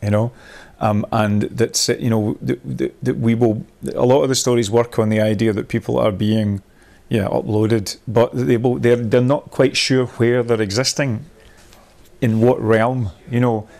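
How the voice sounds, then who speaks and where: A man's voice: medium pitch, fairly even intonation, measured pace, gravelly, darkish tone. A man leading a workshop, thinking aloud in a rambling, discursive way, with many restarts, and laughing at his own points. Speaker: workshop leader.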